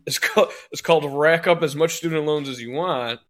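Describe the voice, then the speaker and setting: Bright-voiced man ranting, swearing hard. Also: fairly high pitch, fairly quick. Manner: angry, swearing, laughing between bursts. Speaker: podcast co-host. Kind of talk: profane rant on a podcast.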